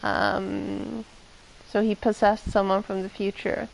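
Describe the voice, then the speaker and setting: A woman's voice: medium pitch, flat delivery, slow, vocal fry, a little hiss or hum, poor audio. A woman streaming a video game, reading the text aloud and then musing casually, with some swearing.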